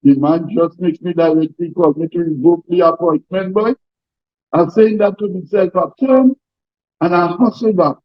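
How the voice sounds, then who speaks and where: High-voiced older Trinidadian union man. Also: normal speed, no echo, dull audio. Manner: emphatic, repetitive, folksy storytelling. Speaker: trade union president. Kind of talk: seminar speech with anecdotes.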